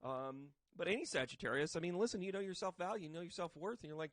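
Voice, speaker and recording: A man giving a casual tarot reading to camera, chatty and joking, with bursts of loud emphasis. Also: high voice, fast talker, no room sound. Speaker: tarot reader and medium. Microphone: microphone.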